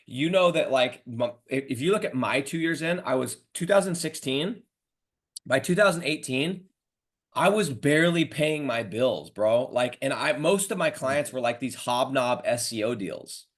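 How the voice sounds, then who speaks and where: A male podcast host on a video call chats with his guest in an animated, slangy manner. He has a mid-range voice. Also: medium pitch, moderate pace. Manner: animated, slangy, addresses guest as dude and bro. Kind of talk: casual podcast interview.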